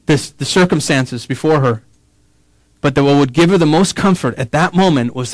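Pastor, male, fairly high voice, dry close sound; sermon delivery, swings from hushed slow emphasis to fired-up climbs, casual asides. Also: no room sound, rough recording. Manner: swings from quiet, slow emphasis to rising, excited preaching.

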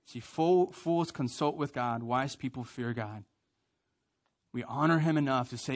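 A man preaching a sermon who leads his congregation in call and response and swings from quiet emphasis to loud prayers. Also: medium pitch, unhurried. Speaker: pastor.

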